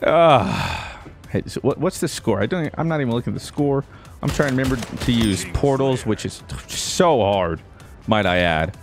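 A man giving casual gameplay commentary as a YouTuber, excitable, yelping and talking to himself as he plays. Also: medium pitch, moderate pace, creaky, soft background music. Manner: excitable, yelps and exclaims, talks to himself. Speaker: gaming YouTuber.

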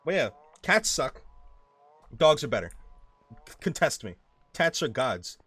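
A man streaming a game, ranting casually in a profane, rambling, excitable way. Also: a little high. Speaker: gaming streamer. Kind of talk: casual rant while playing a game.

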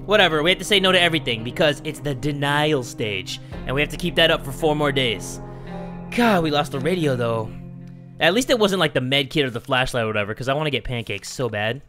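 Young male gaming commentator, high and bright, rowdy swearing and yelling at the game, faint music bed. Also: lively intonation, brisk. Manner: reads game text aloud in a mock-dramatic tone. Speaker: gaming YouTuber. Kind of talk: gameplay commentary.

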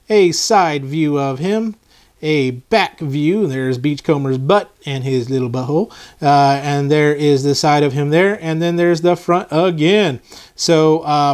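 A man giving a casual toy unboxing review, chatty and rambling, easily sidetracked. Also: on the high side.

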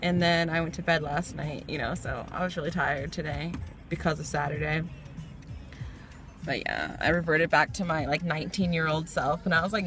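A woman in her twenties chatting casually and rambling as she vlogs while driving, recorded on a phone in the car. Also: low-pitched. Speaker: vlogger. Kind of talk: casual vlog chat.

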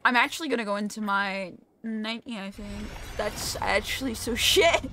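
A woman's voice: medium pitch, moderate pace, bright, forceful tone, soft background music. A young woman streaming a game, chatting casually, swearing freely and poking fun at herself. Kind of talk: casual live-stream gaming chat.

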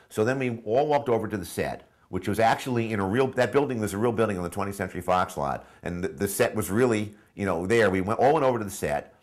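A man's voice: fairly low pitch, fast, hardly any pauses. A man, a screenwriter, telling a rambling story in a documentary interview, full of fillers and restarts.

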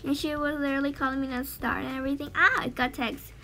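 Bright high-voiced woman gushing on a game vlog. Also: steady tone, quick pace, soft background music. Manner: gushing and emotional, trails off and restarts. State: teary, near crying. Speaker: gaming channel host. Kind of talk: excited game reaction vlog.

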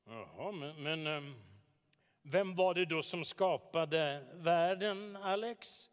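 A man's voice: fairly high pitch, slow pace, big-room sound. An actor in a radio drama playing a defiant young man in a heated, scornful family argument. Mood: arguing. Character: defiant young man arguing with his father.

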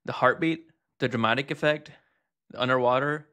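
Bright-voiced man casually reviewing software. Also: medium pitch. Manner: chatty, thinking aloud with fillers and quick asides. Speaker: host reviewing text-to-speech tools.

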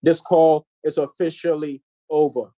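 A man in his twenties giving a preachy, repetitive motivational sales pitch to listeners on a group call. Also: flat delivery, a little slow, warm tone, no room sound. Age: 20s. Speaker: network marketing presenter.

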